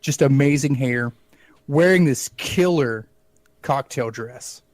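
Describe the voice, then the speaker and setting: A man co-hosting a podcast, telling a comic story in a wry, animated way and acting out the dialogue. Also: medium pitch, takes it slowly, no room sound. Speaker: podcast co-host.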